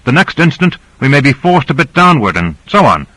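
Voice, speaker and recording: A man's voice: mid-range voice, big pitch swings, brisk, a bit bright, no room sound, pitched above the performer's own voice, rough recording. A man reading the part of a weary ship captain who explains things at length. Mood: explaining. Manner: explanatory, lecturing. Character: weary male submarine captain, explaining patiently.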